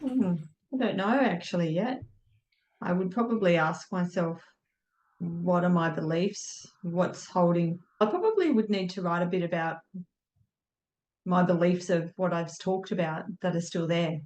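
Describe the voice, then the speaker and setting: Woman guest on a podcast, low voice, thinks out loud, roomy echo. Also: a little slow, a little hiss or hum. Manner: thoughtful, searching for words. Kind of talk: reflective casual conversation.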